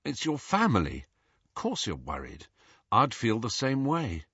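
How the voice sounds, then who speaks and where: A man's voice: medium pitch, huge pitch swings, a little slow, fairly bright tone, slightly rough, no echo, muffled recording, full character voice. A man voicing a tense teenage wizard boy in pain who talks in a strained mutter.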